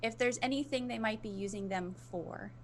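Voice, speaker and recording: A woman's voice: a little high, normal speed. A woman playing a tabletop game, asking tentative questions about her rolls. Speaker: player. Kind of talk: casual tabletop play.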